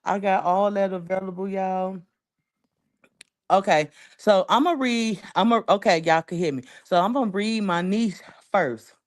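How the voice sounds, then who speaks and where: A woman's voice: medium pitch, unhurried. A woman from the Chicago area chatting casually on a livestream, rambling and emotional, thanking viewers by name. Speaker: livestream host.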